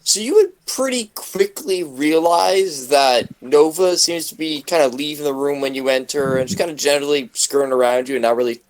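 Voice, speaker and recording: A man acting as game master in a casual tabletop role-playing session, relaxed and a little hesitant. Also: on the high side, moderate pace, few pauses, rough recording.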